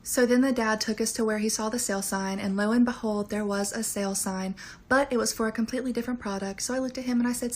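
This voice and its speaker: Brief: woman, rapid wry storytime, faint background noise. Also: on the high side, fairly even intonation. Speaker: cashier. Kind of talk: casual storytime.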